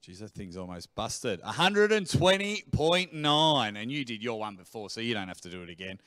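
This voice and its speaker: A man's voice: mid-range voice, big pitch swings, normal speed, fairly bright tone. A man hosting a press conference, announcing fighters and hyping the matchups. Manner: hype-building, announcing fighters. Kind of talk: emcee patter at a press conference.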